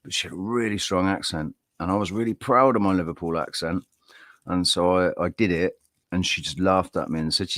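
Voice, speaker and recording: A man's voice: low-pitched, steady tone, brisk, a bit bright, no echo, clean studio sound. A man hosting a casual live stream, chatting in a rambling, friendly way and greeting viewers by name. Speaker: livestream host.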